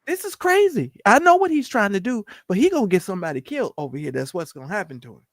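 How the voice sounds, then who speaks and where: A woman co-hosting a casual talk show, telling stories with animated emphasis. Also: mid-range voice, fast talker, no echo, studio quality. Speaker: co-host. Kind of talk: casual chat.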